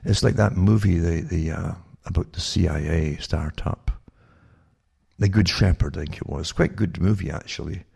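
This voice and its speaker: A man's voice: deep voice, normal speed, darkish tone. A man giving a rambling spoken monologue, restarting often and tossing in questions like "eh?" to the listener. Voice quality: gravelly, husky. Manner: rambling, with frequent restarts and asides like "eh?". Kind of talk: monologue commentary.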